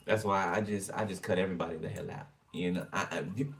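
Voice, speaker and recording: A man's voice: low voice, steady tone, fast talker, recorded from a distance, a little hiss or hum. A man giving a casual tarot reading for viewers, chatty and blunt, swearing freely as he turns the cards. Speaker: tarot reader.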